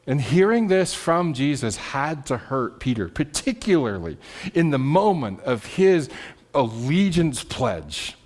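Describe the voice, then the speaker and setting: A man's voice: fairly high pitch, sing-song, measured pace, darkish tone. A man preaching a sermon as pastor, telling the story with animation, repeating words and checking in with "right?". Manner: repeats words and restarts mid-phrase.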